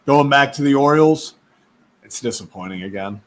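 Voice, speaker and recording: A man's voice: medium pitch, lively intonation, moderate pace, slight background noise. A man hosting a casual live sports stream, chatty and rambling, laughing often, who says his voice is going.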